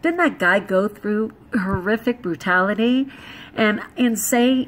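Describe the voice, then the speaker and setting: A woman vlogger talking casually, animated and blunt, joking and laughing as she goes. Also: mid-range voice, a little slow, low-quality recording. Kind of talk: casual vlog talk.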